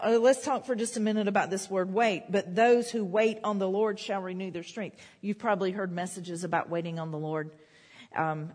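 A woman preaching a sermon, repeating declarations with rising emphasis. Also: lowish voice. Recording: long hall reverb.

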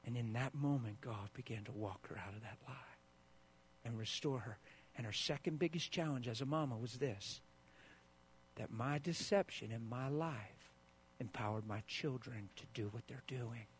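A man pastor preaching a sermon, swinging between hushed asides and loud bursts and acting out the quoted voices of spouses. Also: medium pitch, moderate pace, a little hiss or hum.

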